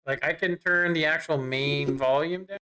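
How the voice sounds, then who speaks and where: A bright, slightly high-voiced man chats loosely through a live game stream at his home setup. He rambles, clears his throat now and then, and talks straight into a desk microphone. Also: moderate pace. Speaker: gaming streamer. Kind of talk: casual live-stream commentary.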